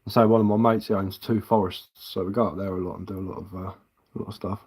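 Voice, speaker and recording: A man's voice: on the low side, steady tone, fast, a little mellow, husky. A middle-aged man talks loosely on a live stream, circling back on his words as he goes. He swears without a second thought and breaks into laughter often. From England. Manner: rambling, swears freely, laughs often, frequent restarts. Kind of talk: casual live-stream chat.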